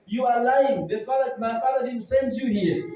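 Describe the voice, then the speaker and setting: A scornful older brother tears into his younger sibling with scolding, belittling words, acted out by a preacher. The voice is very high and mellow, and it rings through a church hall with heavy echo. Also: fairly even intonation, moderate pace. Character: angry, scornful older brother, a grown man. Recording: very echoey church hall, mic at a distance.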